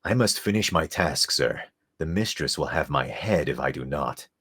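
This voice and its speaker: A man voicing a brash young male character with a throaty, nasal rasp and a cocky, laid-back delivery. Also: rumbling low, expressive, moderate pace, fairly bright tone, pitched below the performer's own voice, heavily acted. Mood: formal.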